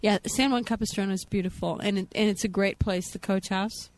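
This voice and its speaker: A woman comedian guesting on a radio show, trading playful quick wisecracks in casual banter. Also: medium pitch, steady tone. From Chicago.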